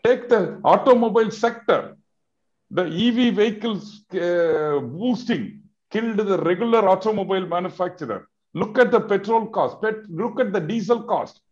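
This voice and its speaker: A high-voiced man with an Indian English accent argues with passion, pressing his points through repeated rhetorical questions that climb to loud peaks. The sound is dull and lo-fi. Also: lively intonation, moderate pace. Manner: emphatic, rhetorical questions, rising to loud outbursts. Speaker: business advocate in a televised discussion. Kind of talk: impassioned discussion.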